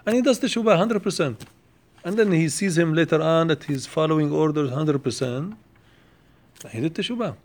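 Man explaining a Torah lesson, higher voice. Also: expressive, darkish tone. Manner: questioning, explains step by step, repeats phrases; quotes Hebrew passages quickly. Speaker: Torah teacher.

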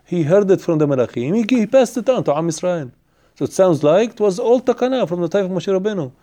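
A man teaching a Torah class. He reads Hebrew sources in a rapid chant, then explains them in English, halting with fillers and restarts. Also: sits high, expressive, mellow.

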